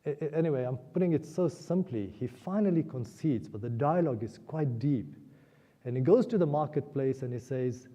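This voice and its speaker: Dark-voiced man retelling scripture. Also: a little high, moderate pace. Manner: animated, emotional retelling. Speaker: speaker at a temple celebration. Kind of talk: spiritual discourse storytelling. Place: temple hall. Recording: muffled sound in a reverberant hall.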